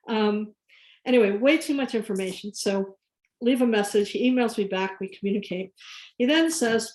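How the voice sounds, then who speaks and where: A woman guest speaker telling lively anecdotes about her career, laughing now and then. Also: fairly high pitch, fairly quick. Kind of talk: career story told to an audience. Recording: echoey room.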